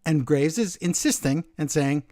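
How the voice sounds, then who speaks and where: A man's voice: on the high side, normal speed, no room sound, clean studio sound. A man co-hosting a podcast, chatting casually and acting out quotes as he retells a match. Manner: animated storytelling, acting out quotes. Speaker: podcast co-host. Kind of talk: casual wrestling chat.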